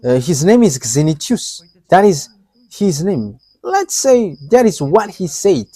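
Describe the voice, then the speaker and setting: Male preacher, fairly high voice, slow and halting, dry close sound. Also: huge pitch swings, warm tone, no room sound. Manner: halting, with frequent pauses and fillers; chuckles between statements. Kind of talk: live sermon.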